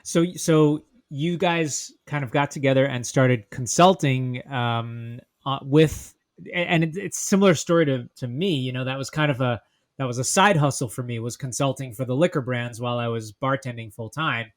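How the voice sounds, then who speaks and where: A man co-hosting a podcast, chatting with a guest and laughing often. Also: mid-range voice. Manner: laughs often, quick back-channel reactions. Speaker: podcast co-host. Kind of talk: casual interview chat.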